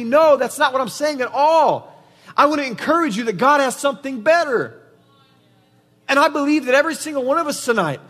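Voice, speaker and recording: Male pastor, higher register, casual sermon delivery in a reverberant church. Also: a bit bright. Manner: conversational preaching, frequent "right?" tag questions. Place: church sanctuary. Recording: reverberant hall.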